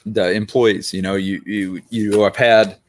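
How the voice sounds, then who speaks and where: A man co-hosting a casual chat, talking in halting bursts with repeated words. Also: fairly low pitch, level tone. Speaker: co-host.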